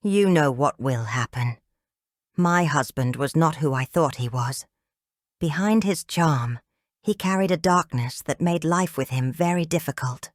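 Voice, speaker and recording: Woman reading as frail elderly woman, dementia-confused, fearful, hushed low delivery, dry close sound, audiobook. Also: animated, a little slow, no echo. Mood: grim. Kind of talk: audiobook dialogue.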